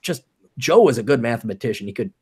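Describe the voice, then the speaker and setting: A man holding court on a podcast, loose and profane in casual banter. His pitch swings widely as he talks, and he keeps breaking into quick put-on voices. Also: expressive, a little mellow, slightly rough. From American. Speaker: podcast host. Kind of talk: casual chat.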